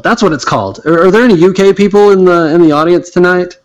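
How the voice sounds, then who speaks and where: A man's voice: high-pitched, animated, fairly quick, few pauses. A man running a tabletop game as game master, joking around and stumbling over place names as he reads the adventure aloud. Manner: playful, stumbling over words. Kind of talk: casual chat and reading an adventure aloud. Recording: dull, lo-fi sound.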